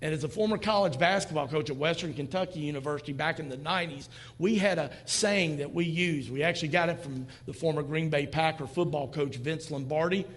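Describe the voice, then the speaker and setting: High-voiced male pastor in a reverberant hall. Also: a little fast, few pauses. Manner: conversational preaching with quoted asides. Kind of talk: sermon. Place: church sanctuary.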